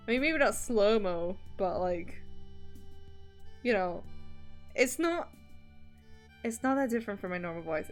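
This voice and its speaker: A young woman chats casually on a drawing stream, rambling through her thoughts with plenty of ums and likes. She laughs often and swears without a second thought, her voice sitting at an ordinary middle pitch. Faint music plays quietly behind her. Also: very animated, takes it slowly, pauses often.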